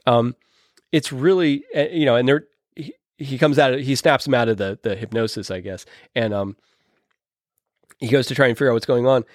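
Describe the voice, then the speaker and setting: A man's voice: mid-range voice, a little fast, no room sound, clean studio sound. Rambling, enthusiastic man in casual chat. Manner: rambling, many restarts, enthusiastic. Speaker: podcast host or guest discussing films.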